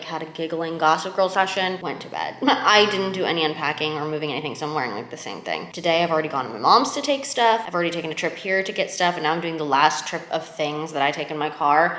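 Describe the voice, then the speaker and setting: A woman's voice: on the low side, fairly bright tone. A woman in her twenties talking casually to camera as a vlogger, chatty and rambling, often emotional. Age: 20s. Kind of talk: casual vlog chat.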